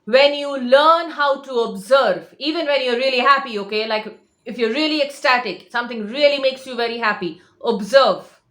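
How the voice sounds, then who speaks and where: A woman's voice: sits high, moderate pace, echoey room. A woman coach giving a direct-to-camera motivational talk, insistent and emphatic, often repeating her points. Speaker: manifestation coach.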